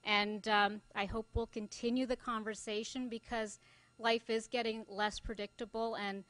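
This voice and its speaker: Her voice a little high and fairly bright, a middle-aged journalist from Glasgow wraps up a conference with informal closing remarks, thinking aloud with plenty of fillers. She keeps a moderate pace and a flat delivery.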